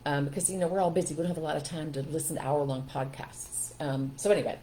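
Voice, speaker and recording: A woman's voice: low-pitched, quick pace, a little hiss or hum, poor audio. Earnest middle-aged woman parenting coach. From Pennsylvania, USA. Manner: chatty, earnest, greets viewers warmly. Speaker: parenting coach hosting a live stream. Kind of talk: casual live-stream talk.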